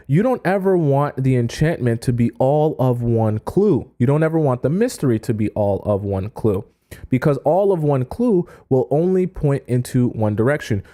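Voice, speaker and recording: A man's voice: medium pitch, mellow. A man coaching on dating in a casual lecture, often checking in with "right?" and acting out quotes. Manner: acts out quoted voices.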